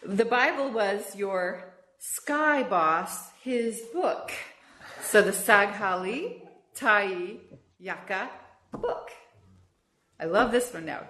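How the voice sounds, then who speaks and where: An enthusiastic American woman lectures in a chatty, informal way, repeating key words for her listeners. Her voice sits at a middle pitch. The sound is roomy, with echo from the lecture room. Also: a bit bright. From USA. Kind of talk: public lecture.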